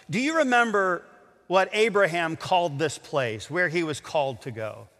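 A man preaching with an impassioned, dramatic delivery, his high voice sweeping up and down and often stumbling into stammered restarts. His tone is bright, and every phrase trails off into the long reverb of a large hall. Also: very animated, moderate pace. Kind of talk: sermon.

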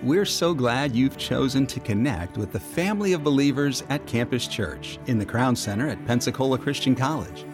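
A man reading a calm, scripted welcome for a church service. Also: mid-range voice, normal speed, hardly any pauses, music in the background. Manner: calm, welcoming announcer delivery. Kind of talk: scripted narration.

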